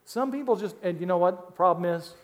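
A folksy male pastor with a slightly high voice, preaching in a church where the sound rings out with long reverb. He is animated, mimics grumbling crowds and slips in wry jokes. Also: fast talker. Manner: folksy, animated, acts out whining crowds with joking asides. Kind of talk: sermon.

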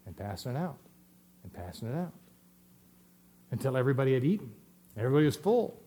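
A middle-aged man preaching a sermon as pastor, swinging between loud emphatic stresses and quiet asides. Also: medium pitch.

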